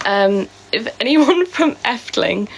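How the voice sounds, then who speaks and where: A woman's voice: a little high, big pitch swings, unhurried, creaky, slight background noise. A woman live streaming in casual, rambling chat, answering viewer comments, with a sore throat. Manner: chatty and rambling, with many fillers.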